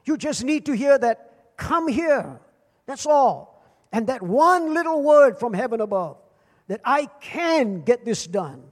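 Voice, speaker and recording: Older pastor preaching, high, echoing hall. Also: male voice, expressive, unhurried. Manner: dramatic swings in pitch and volume, repeats phrases. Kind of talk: sermon. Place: church service. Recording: long church hall reverb.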